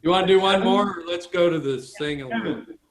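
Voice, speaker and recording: A man's voice: sits high, brisk. A man leading a ukulele group over a video call, chatting casually and explaining his strumming as he plays. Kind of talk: casual chat and strumming instruction. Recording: echoey room with loud ukulele. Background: ukulele playing.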